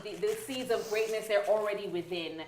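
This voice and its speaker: A woman's voice: mid-range voice, quick pace, roomy sound, crowd noise. A woman hosting a faith-based talk show, giving enthusiastic, preachy encouragement. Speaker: host.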